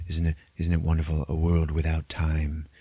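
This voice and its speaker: A man voicing a zealous male villain sorcerer who speaks in a slow, hushed, dreamy way. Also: rumbling low, completely flat delivery, husky, no echo. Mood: rapt.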